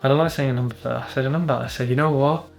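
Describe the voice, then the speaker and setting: A man from the UK, a business mentor, telling a deal story to camera in a blunt, sweary, animated way. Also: mid-range voice, very fast, creaky, faint music behind. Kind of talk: casual monologue to camera.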